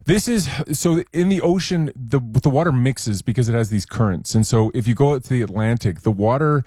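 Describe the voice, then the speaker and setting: A man's voice: mid-range voice, expressive, a little fast, warm tone, husky, no room sound, studio quality. A man speaking as the science expert on a radio talk show, explaining things in a casual, chatty way with small jokes.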